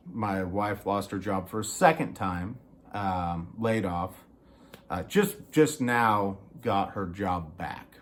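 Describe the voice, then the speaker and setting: A man in a small studio apartment, telling a story in a heated, casual rant. He swears often and acts out what other people said. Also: on the low side. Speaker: vlogger.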